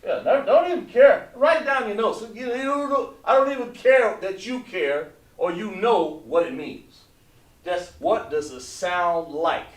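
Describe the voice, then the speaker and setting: Echoey teacher drilling pronunciations slowly. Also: male voice, high-pitched, expressive, distant mic. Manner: patient, repeats points, drawn-out slow pronunciations. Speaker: Hebrew language teacher. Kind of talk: live online class teaching. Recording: echoey room, voice away from mic.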